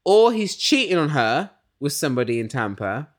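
A man's voice: fairly high pitch, normal speed. A man hosting a casual reality TV recap, talking in an opinionated way and swearing often. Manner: animated, opinionated, swears a lot.

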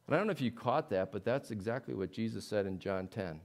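A man's voice: on the low side, brisk, hardly any pauses. Male pastor, sermon delivery, earnest, builds to pleading emphasis, eases back down. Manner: earnest, rising to emphatic pleading, then dropping soft.

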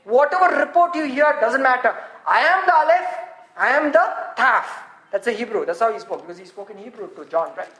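A woman preaching a sermon, animated and laughing often, sometimes rising to shouts. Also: a little high, brisk, roomy sound.

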